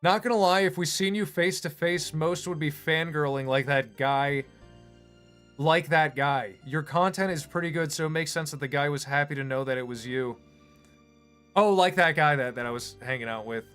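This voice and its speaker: A man's voice: a little high, normal speed, a bit bright, smooth, soft background music. A man who animates online, chatting casually on a livestream in a rambling, self-deprecating way. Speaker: streamer and animator.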